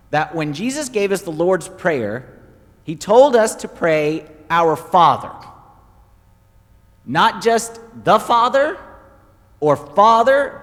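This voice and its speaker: Guy pastor preaching, high voice, lots of repeating for emphasis, long hall reverb. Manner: animated storytelling, emphatic repetition. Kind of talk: sermon.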